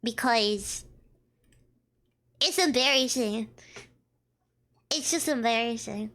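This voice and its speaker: A woman's voice: on the high side, takes it slowly, pushed and bright. A woman streaming a story game, reading the lines aloud and breaking off into exasperated comments.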